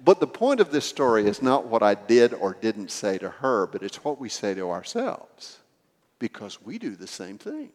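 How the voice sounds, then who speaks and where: A man's voice: fairly low pitch, very animated, moderate pace, long reverb tail. A man preaching a sermon, telling a story with acted dialogue and building to emphatic swells.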